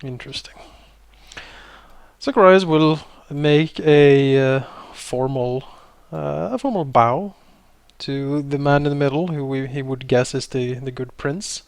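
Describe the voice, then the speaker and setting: A man playing a tabletop game, calmly describing his character's actions. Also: mid-range voice, unhurried, dry recording. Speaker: player. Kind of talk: casual tabletop play.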